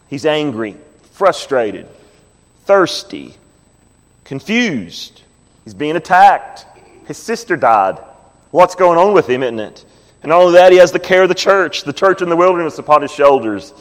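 A male pastor preaching a sermon, reading scripture slowly and asking the congregation questions. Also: on the high side, lively intonation. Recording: long hall reverb.

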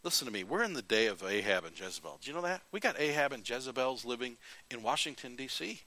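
A male preacher giving a sermon, retelling scripture in an animated, folksy storytelling way. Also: mid-range voice, quick pace.

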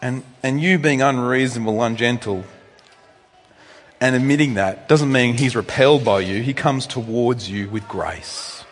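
A male pastor giving a conversational sermon with asides, swinging from loud, high emphasis down to soft, low tones. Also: normal speed. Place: church hall. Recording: long reverb in a church hall.

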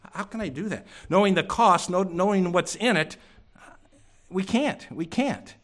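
Man, preacher, church sermon, fairly high voice, rhetorical questions, swings from loud to hushed. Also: normal speed. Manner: preaching with rhetorical questions and sudden drops to a hush.

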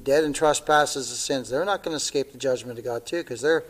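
A man's voice: medium pitch, a little fast, rough recording. A male pastor preaching a sermon, conversational with tag questions, building to fervent exclamations and chuckling now and then.

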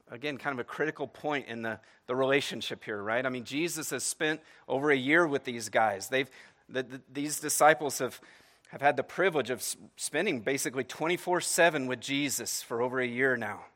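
Here the pastor's voice sits at medium pitch with a fairly bright tone. His sermon is chatty, full of restarted phrases and frequent "right?" check-ins.

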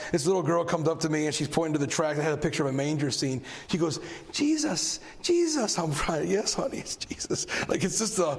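Animated preacher with a gravelly edge. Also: male voice, a little high. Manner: animated storyteller, voice rising when excited. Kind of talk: sermon with storytelling. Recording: long hall reverb.

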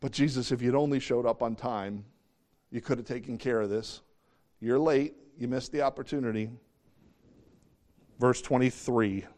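Man, preacher, sermon, animated, hushed to loud, acts out quotes. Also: medium pitch, moderate pace, pauses often.

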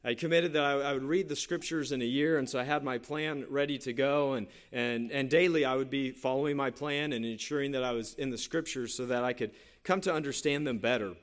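A man's voice: medium pitch, fairly even intonation, a little fast, few pauses. A man preaching a sermon, earnest and conversational, often repeating his phrases and telling a personal story. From San Jose Bay Area, California. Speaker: pastor.

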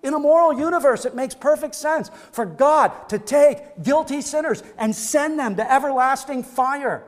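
A man with a notably high voice preaching a sermon with fervent, repetitive emphasis. His voice rings out with a long reverb across the church sanctuary. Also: moderate pace, hardly any pauses. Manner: fervent preaching with repeated phrases and rising emphasis. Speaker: pastor.

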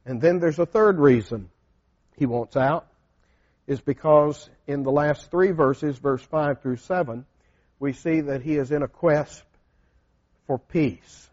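A man's voice: a little high, measured pace, a little mellow, lo-fi sound. Man preaching a conversational sermon. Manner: conversational, asks the congregation questions.

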